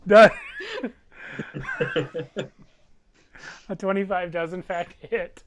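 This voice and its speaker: A man running a tabletop game as game master, playful and quick to laugh. His voice sits high and he takes his time over the lines. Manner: playful, laughs while narrating.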